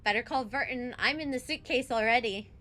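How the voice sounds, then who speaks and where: A woman's voice: on the high side, a little fast, sharp tone, faint music behind. A young adult woman streaming a game, chatting casually and giggling, saying "like" a lot.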